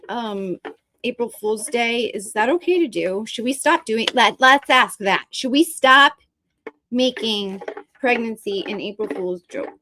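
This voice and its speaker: A woman's voice: a little high, fairly bright tone, slight background noise. A woman hosting a live stream, chatting casually with viewers in a rambling, joking and bluntly profane way. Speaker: streamer host.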